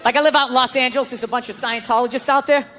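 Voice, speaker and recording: A man doing a stand-up comedy set, profane and animated, slipping into mocking voices. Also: very high voice, rapid-fire. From United States. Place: large hall before a live audience. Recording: live stage recording in a reverberant hall with crowd.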